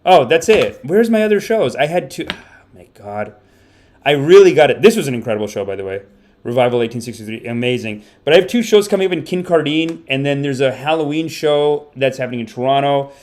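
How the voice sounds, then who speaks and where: A man hosting a casual comedy podcast stream, rambling and animated, with the odd curse. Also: medium pitch, a little fast. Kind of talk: casual livestream commentary.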